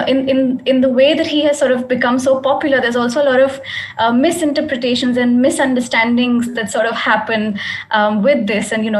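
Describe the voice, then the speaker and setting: A woman's voice: on the high side, slight background noise, poor audio. A woman interviewing a guest author at a festival, asking earnest, searching questions. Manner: earnest, searching, tentative phrasing.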